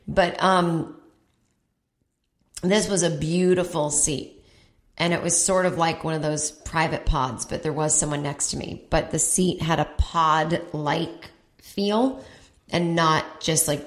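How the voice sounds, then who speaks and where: A woman comedian and podcast host telling a comedic story, animated and acting out voices with big jumps in pitch. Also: unhurried, reverberant. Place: home in Brooklyn.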